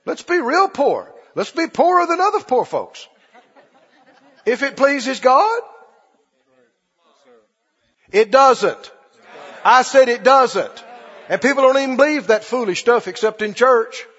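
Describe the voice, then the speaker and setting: A male preacher giving an animated, emphatic sermon, repeating lines for stress. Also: very high voice, a little slow, breathy edge. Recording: dull lo-fi recording with long hall reverb.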